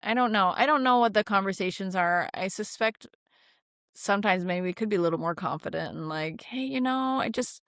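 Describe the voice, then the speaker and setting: A woman's voice: lowish voice, brisk, no room sound, studio quality. A woman co-hosting a casual professional podcast chat as an oral surgeon, telling stories and mimicking worried patients. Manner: animated storyteller who mimics worried patients.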